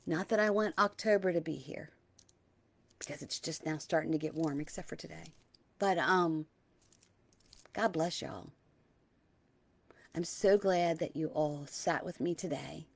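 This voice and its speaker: A middle-aged woman hosting a spiritual talk, gentle and dreamy, slowing on key words and sometimes dropping to a hush. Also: low voice, creaky, husky, no echo. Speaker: spiritual teacher and host. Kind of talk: soft-spoken spiritual talk.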